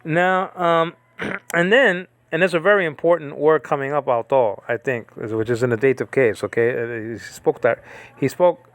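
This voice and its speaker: A man's voice: medium pitch, steady tone, moderate pace, no room sound. A man giving a casual online lesson on biblical Greek letters, rambling and digressive, with many restarts. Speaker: Greek teacher.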